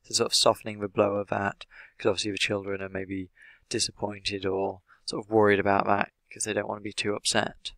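A man with an English accent, an English teacher explaining the language of an interview in a measured way, with many "sort of" fillers. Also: on the low side, completely flat delivery, creaky, fairly bright tone, no room sound. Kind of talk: explanatory lesson analysing an interview.

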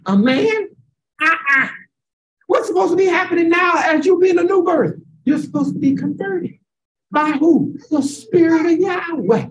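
On a video call, a Chicago-accented woman quizzes her Bible class with questions and long, drawn-out emphasis, occasionally breaking into shouts. Her voice is very high-pitched and expressive, and the recording is rough.

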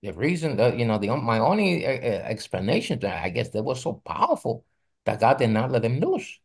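A man from a Bible study group speaks up haltingly and restarts his sentences often. His voice is gravelly and husky, and its pitch moves a lot as he talks. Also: sing-song. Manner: halting, hesitant, with many restarts. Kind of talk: group discussion comment.

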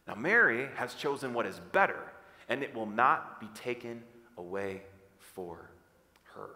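A man preaching a sermon as pastor, energetic and leading the congregation in call-and-response. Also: mid-range voice, moderate pace. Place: church hall. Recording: long church hall reverb.

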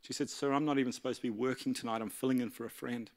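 A man's voice: medium pitch, very fast. Man telling a sermon story. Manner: animated storyteller, acting out dialogue. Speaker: pastor. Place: church.

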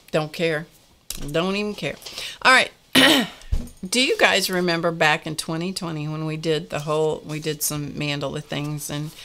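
A woman's voice: deep voice, fairly bright tone, a little hiss or hum. An older woman hosting a casual art lesson, chatty and confessional, laughing often as she talks to her viewers. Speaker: art class host.

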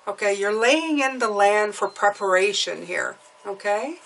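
A woman's voice: mid-range voice, expressive, unhurried, gravelly, a bit bright, distant mic, poor audio. A woman giving an intuitive tarot reading to viewers, chatty and encouraging, often checking in with "okay?". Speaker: tarot reader.

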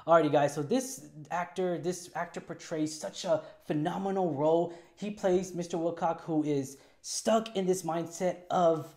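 A man's voice: a little high, moderate pace, few pauses, darkish tone. A young man hosting a casual solo movie review, talking in an upbeat, chatty way with lots of asides and little jokes.

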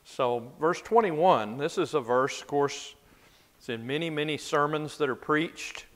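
A man teaching a Bible class in a relaxed, conversational way, asking his listeners questions as he goes. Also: a little high, unhurried. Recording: long reverb of a large room.

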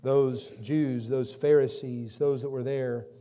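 A male pastor preaching a sermon in a church, swinging between loud emphatic calls and quieter explanation, with frequent questions to the congregation. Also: mid-range voice, fairly even intonation, slow pace. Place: church sanctuary. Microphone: livestream recording from the pulpit.

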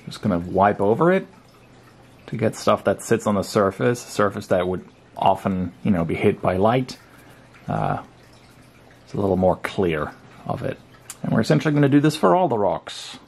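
Man, lowish voice, chatty home-craft tutorial narrator who says um a lot. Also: normal speed, gravelly, pauses often, husky. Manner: relaxed and chatty, with frequent fillers. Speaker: crafting vlogger. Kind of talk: casual hobby tutorial narration.

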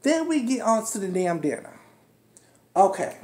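A woman in her twenties ranting about a TV episode in a brash, profane, animated way. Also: medium pitch, moderate pace. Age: 20s. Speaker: reality show recap host. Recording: echoey room.

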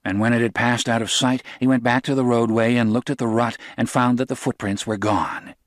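A man narrating a novel as an audiobook, in a steady, even storytelling voice. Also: mid-range voice, fairly quick, no room sound, studio quality.

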